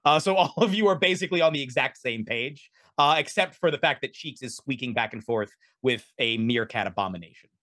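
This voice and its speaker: Animated male game master, dry close mic. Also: mid-range voice, a little fast, no room sound. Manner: animated, rambling narration with fillers and restarts. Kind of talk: narrating a tabletop game.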